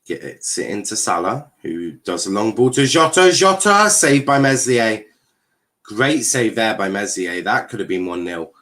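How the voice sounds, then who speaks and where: A man's voice: fairly low pitch, lively intonation, normal speed, hardly any pauses, fairly bright tone. A man hosting a live football watchalong, commentating casually with jokes, swearing and lots of fillers. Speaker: host.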